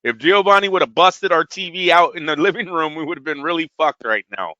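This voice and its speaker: A man with a bright, fairly high voice tells stories on a podcast, animated and full of swearing. The sound is dry and close, with no room echo. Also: fairly quick, lo-fi sound. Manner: animated, profane storyteller. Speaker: podcast co-host. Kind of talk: casual chat.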